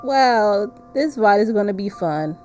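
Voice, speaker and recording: A woman streamer chats playfully with her viewers and laughs often, her mellow, warm voice sitting at a middle pitch. Faint game music plays behind her. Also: lively intonation, unhurried. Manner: playful and chatty, laughs often, reads narration in a lowered soft voice. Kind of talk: casual live-stream chat and reading game text.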